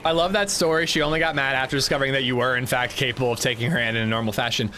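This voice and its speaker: A man's voice: mid-range voice, racing, noisy background. A young man live-streaming a game, casually telling a story to his chat and laughing along. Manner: animated storytelling, laughing, reading chat aloud. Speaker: livestreamer.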